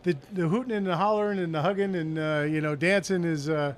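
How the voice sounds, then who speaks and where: A man co-hosting a live event broadcast, talking haltingly with many fillers and restarts, a little short on sleep. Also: fairly high pitch, steady tone. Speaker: co-host, launch official.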